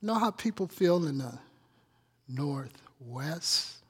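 A man's voice: on the high side, expressive, slow, slightly rough, in a large hall. A male pastor preaching a conversational sermon, teasing his congregation with questions and asides. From Chicago. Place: church sanctuary.

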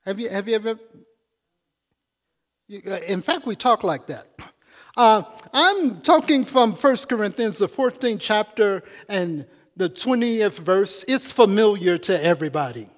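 A man's voice: high-pitched, animated, a little slow. A man preaching a sermon in a church, chatty and calling out questions to the congregation. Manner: conversational, calls out to the congregation. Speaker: pastor. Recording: long reverb of a church hall.

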